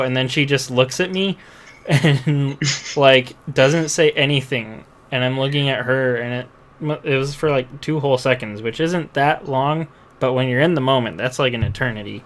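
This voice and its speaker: A man's voice: mid-range voice, moderate pace, background noise. A man co-hosting a podcast, telling a story in a laid-back way and laughing through it. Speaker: podcast co-host. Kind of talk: casual storytelling.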